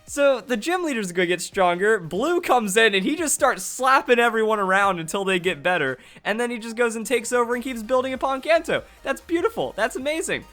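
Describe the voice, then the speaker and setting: A man giving excited, fast commentary on a game, restarting his sentences often. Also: high voice. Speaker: gaming youtuber.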